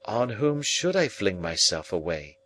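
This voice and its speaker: A cold, proud young woman speaks with cool, measured contempt, voiced by a man reading the book aloud. The delivery stays level and aloof, like a storybook figure holding a suitor at arm's length. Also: fairly low pitch, big pitch swings, a bit bright, slight background noise, poor audio. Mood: firm.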